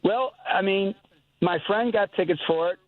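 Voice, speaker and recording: A man's voice: high-pitched, moderate pace, no room sound. An older man calling in to a talk show, rambling and earnest as he repeats himself. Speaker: caller. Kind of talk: casual call-in chat. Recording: tinny phone line.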